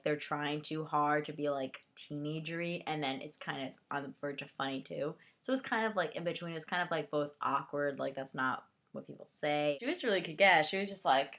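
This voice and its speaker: A young woman talks through her take on a book and its film in a loose, excitable ramble, full of fillers and asides. Her voice sits a little on the low side for a woman. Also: fairly quick. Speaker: book reviewer. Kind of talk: casual book and movie review.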